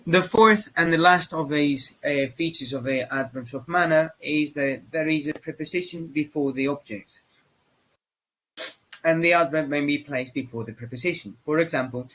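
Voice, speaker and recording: A man whose first language is Spanish, lecturing on English grammar as a teacher, halting with many fillers and restarts. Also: a little high, fairly bright tone, poor audio.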